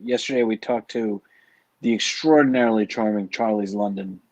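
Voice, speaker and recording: A man's voice: lowish voice, moderate pace, a little mellow, dry recording, muffled recording. A man co-hosting a late-night stream, chatting casually and rambling about guests and accents. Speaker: co-host.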